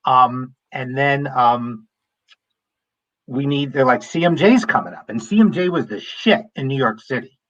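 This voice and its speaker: A man's voice: medium pitch, measured pace, fairly bright tone. Middle-aged guy, candid and blunt, swears casually, slightly muffled remote sound. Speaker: interview guest, music industry executive. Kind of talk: casual interview storytelling.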